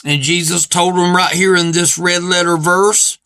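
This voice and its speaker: A man's voice: sits high, steady tone, measured pace, hardly any pauses, pushed and bright, smooth, no echo. A man preaching an earnest sermon in plain everyday speech, repeating his points and stressing them with "see".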